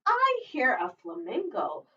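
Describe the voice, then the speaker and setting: A young woman librarian reading a picture book aloud for a children's storytime in a lively sing-song way, often laughing. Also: high-pitched, a little slow. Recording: distant dull mic in a room.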